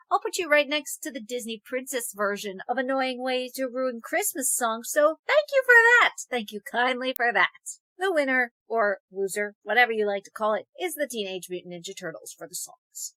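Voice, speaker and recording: A woman co-hosting a casual movie review chat, speaking in a sarcastic, expressive way. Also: fairly high pitch, moderate pace, hardly any pauses, dry recording. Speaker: co-host.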